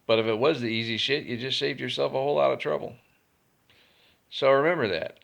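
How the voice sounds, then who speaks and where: Male storyteller, gravelly, blunt and profane, casual delivery. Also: mid-range voice, brisk, a bit bright. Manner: blunt and profane, laughs between lines. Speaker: storyteller vlogger.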